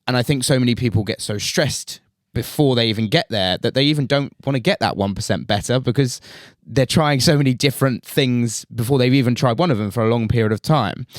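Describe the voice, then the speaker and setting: A man's voice: mid-range voice, no echo, clean studio sound. A man hosting a casual podcast, explaining things at length through worked examples. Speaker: podcast host.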